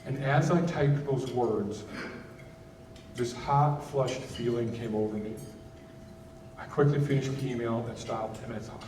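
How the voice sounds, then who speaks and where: Man giving a halting testimony in an echoey hall. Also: medium pitch, recorded from a distance, background noise. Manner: halting, candid, many restarts. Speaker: keynote speaker. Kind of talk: personal testimony speech. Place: gala event hall.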